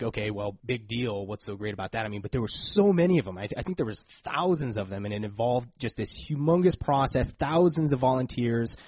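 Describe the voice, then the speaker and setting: Husky male co-host, earnest chatty delivery, middle pitch, dry muffled audio. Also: a little mellow, dry recording. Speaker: radio co-host. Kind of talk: casual radio talk. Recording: dry, dull studio audio.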